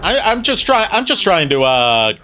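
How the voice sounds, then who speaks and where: A man's voice: high-pitched, big pitch swings, moderate pace, pushed and bright, slight background noise. A man who is a player in a friend group, making dry quips and reasoned interjections in casual chat.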